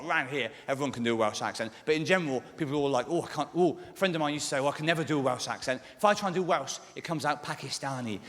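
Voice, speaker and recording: A man's voice: fairly high pitch, fairly bright tone. A man performing live stand-up comedy on stage, rambling and hedging with lots of ums and sort-ofs. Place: large live venue on stage. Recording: echoey hall from the stage.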